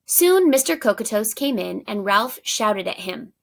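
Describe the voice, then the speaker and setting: A woman teacher reading a picture book aloud to children, pausing to ask them for their predictions. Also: medium pitch, big pitch swings, creaky. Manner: pauses to ask prediction questions, warm asides.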